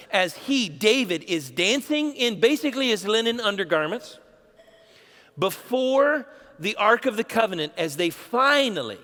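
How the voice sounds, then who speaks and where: Man, pastor, sermon, casual storytelling, high voice, echoey hall. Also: bright, forceful tone. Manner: casual storytelling, plays out dialogue.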